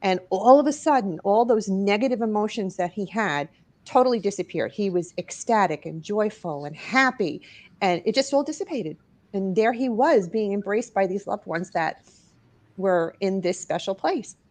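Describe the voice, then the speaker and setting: Speaking in a mid-range voice at a moderate pace, a middle-aged New Yorker shares an emotional personal story in the studio. She's there as a guest author and paranormal investigator, and her delivery is expressive, climbing and dipping with the story.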